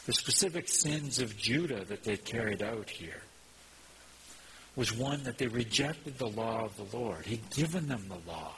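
A man's voice: mid-range voice, animated, a bit bright, poor audio. Earnest preaching man, faint hiss. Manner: earnest, measured teaching with scripture readings. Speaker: pastor. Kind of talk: sermon.

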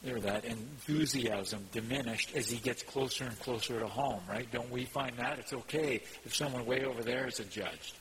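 A man preaching a sermon as pastor, teaching in an earnest, measured way and reading scripture aloud. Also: mid-range voice, fairly bright tone, a little hiss or hum, rough recording.

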